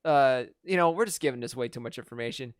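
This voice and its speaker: A man's voice: medium pitch, fast, smooth, no room sound, clean studio sound. A man hosting a casual movie podcast, recapping the plot in a rambling way with lots of fillers. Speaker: podcast host.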